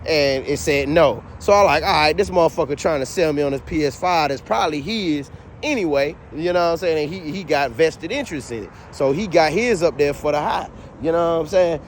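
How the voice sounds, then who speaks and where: Animated, profane man telling a story. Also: on the high side, a little fast, slight background noise. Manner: animated, profane, keeps asking "you know what I'm saying". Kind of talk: casual storytime rant.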